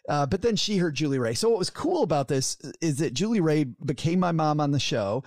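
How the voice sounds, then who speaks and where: Guy guesting on a money podcast, animated storyteller, laughs a lot, higher voice, dry sound. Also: fairly quick, few pauses, no room sound. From lives in northeast Texas. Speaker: podcast co-host and author, guest. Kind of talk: casual storytelling interview.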